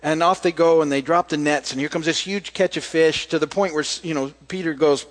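A man with a fairly high voice preaches in a relaxed, conversational way. He tells scripture as a story and reads passages aloud. Quoted lines come out softer and quieter. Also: brisk, hardly any pauses. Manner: casual, storytelling, acts out quoted lines softly. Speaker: pastor. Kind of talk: conversational sermon with scripture reading.

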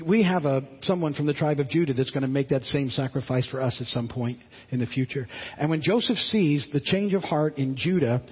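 A man's voice: a little high, husky. Man preaching in an echoing hall. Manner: storytelling, conversational, asks the audience questions. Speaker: pastor. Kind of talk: sermon. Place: church sanctuary. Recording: muffled audio in a reverberant hall.

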